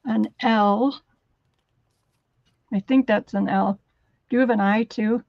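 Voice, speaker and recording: A woman's voice: mid-range voice, fairly even intonation, takes it slowly, gravelly, no room sound, muffled recording. A woman helping at a live sale by reading out buyers' orders in a matter-of-fact, playful way.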